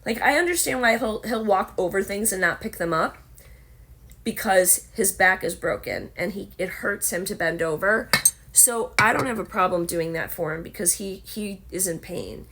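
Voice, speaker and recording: A woman with a Southern American accent and a hoarse, scratchy voice, chatting casually and rambling to her camera at home. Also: medium pitch, normal speed, fairly bright tone. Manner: chatty, rambling with many fillers. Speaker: vlogger. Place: home, indoors.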